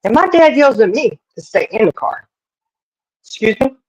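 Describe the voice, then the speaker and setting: A chatty voice spinning a family yarn, folksy and lively, full of little asides. The pitch sits in an ordinary middle range. The sound is close and dry, with no room around it. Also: a little fast, breathy edge, no echo, rough recording. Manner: folksy, animated, rambling with many asides. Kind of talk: casual storytelling.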